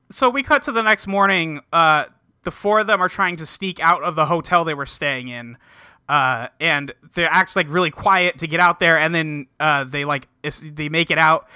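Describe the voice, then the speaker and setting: A man hosts a podcast and chats loosely through an episode recap, swearing freely and laughing along. His tone is sharply bright and a touch high. The sound is close and completely dry. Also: normal speed, clean tone, no room sound. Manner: profane, rambling, laughing. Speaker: podcast host. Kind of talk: casual recap chat.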